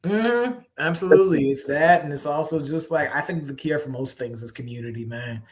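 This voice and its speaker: A man's voice: fairly high pitch, brisk. A man, a poet and author, telling stories in a casual interview, laughing often and acting out the voices of the people he quotes.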